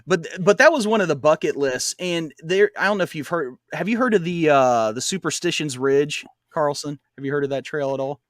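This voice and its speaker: A man's voice: fairly high pitch, fairly quick, few pauses, no echo. A man co-hosting a podcast, telling a long trail story in casual chat, rambling with fillers and laughing often. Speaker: podcast co-host.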